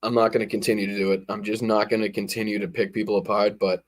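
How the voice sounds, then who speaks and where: A man's voice: lowish voice, little pitch movement, fast talker, few pauses. A man hosting a show, giving sarcastic, profane commentary over a political speech. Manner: sarcastic, swearing, laughing outbursts. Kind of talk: profane live reaction commentary.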